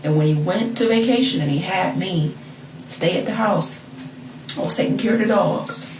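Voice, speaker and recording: A young woman telling a story casually in an animated, sassy way, acting out the quotes. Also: lowish voice, normal speed, roomy sound, distant mic, noisy background.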